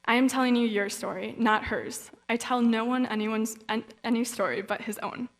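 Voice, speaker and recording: A woman's voice: fairly high pitch, steady tone, normal speed, close to an everyday voice. Solemn, majestic lion from the mist, read by a woman in a long-reverb hall. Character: mysterious lion speaking from the mist, calm and majestic.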